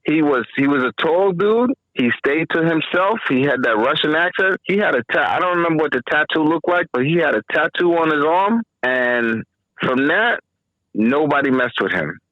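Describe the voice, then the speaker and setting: A man's voice: fairly high pitch, lively intonation, moderate pace, no room sound, narrow, tinny audio. A man, a former corrections officer, talking casually on a podcast about his work, matter-of-fact and repeating phrases for emphasis.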